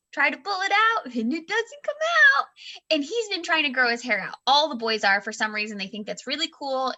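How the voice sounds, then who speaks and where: A woman in her thirties co-hosting a book club podcast, telling a home story in a lively, expressive way and acting out the voices she quotes. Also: high voice. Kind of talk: casual storytelling chat.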